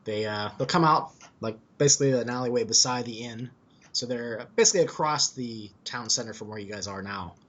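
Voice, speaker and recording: A man's voice: medium pitch, fairly quick, fairly bright tone. A man narrating as game master in a tabletop game, loose and chatty with fillers.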